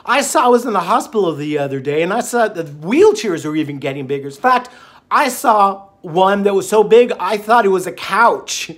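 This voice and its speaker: A man's voice: high voice, expressive, moderate pace, a bit bright. A man hosting his own diet channel, talking in a jokey, rambling way full of fillers and asides. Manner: jokey, digressive, lots of fillers. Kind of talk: casual rambling monologue.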